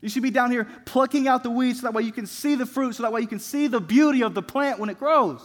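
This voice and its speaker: An indignant man scolds a friend over a garden left to weeds, as a preacher acts him out. He exclaims in high, raised, incredulous bursts, with the long reverb of a large hall behind him. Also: fast talker.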